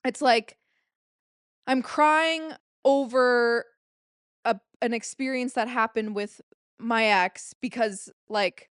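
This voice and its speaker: A woman's voice: on the high side, slow, fairly bright tone, clear, resonant tone, no echo, clean studio sound. A woman in her late twenties hosting a solo podcast, talking in a rambling, confessional way, full of filler words and casual swearing. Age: late 20s. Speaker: podcast host.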